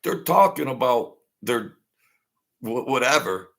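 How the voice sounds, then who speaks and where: A man's voice: mid-range voice, lively intonation, takes it slowly, creaky, a bit bright. Rambling, profane man telling stories. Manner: rambling and profane, fills gaps with "blah, blah, blah". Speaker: storyteller recounting his past. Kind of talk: casual spoken storytelling.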